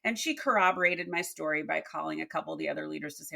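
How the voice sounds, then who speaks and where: This woman speaks low, fast and gravelly, with few pauses. She's a leadership coach appearing as a podcast guest, an expressive storyteller who acts out the dialogue in her workplace stories during the interview.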